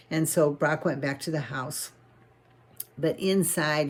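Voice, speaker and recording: Woman storyteller, lower voice, folksy children's-story telling with natural restarts. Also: steady tone, a little slow.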